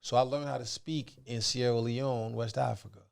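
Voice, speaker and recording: A man's voice: mid-range voice, normal speed, creaky, clear, resonant tone. Slangy New man in his forties. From the Bronx, New York. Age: 40s. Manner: loose, slangy, animated storytelling. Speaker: guest. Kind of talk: casual podcast chat.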